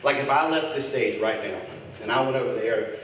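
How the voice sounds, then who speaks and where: A male stand-up comedian working a crowd with crude, teasing bits. His voice sits at an ordinary middle pitch. It comes across as a dull, slightly muffled recording from a distance in a long-echoing club, with faint noise behind it. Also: fairly quick. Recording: echoey club recording from far off.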